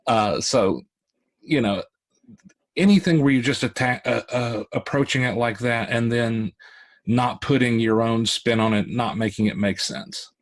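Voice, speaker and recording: A man's voice: mid-range voice, measured pace. A rambling man thinking aloud on a panel. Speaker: author on a panel. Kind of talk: casual panel discussion.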